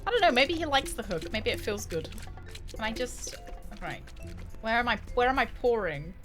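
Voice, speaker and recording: A woman's voice: a little high, big pitch swings, moderate pace. A woman casually commenting on a video game she is playing, playful, jokey and crude, often laughing and reading game lines aloud. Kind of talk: casual live-stream commentary. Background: game music.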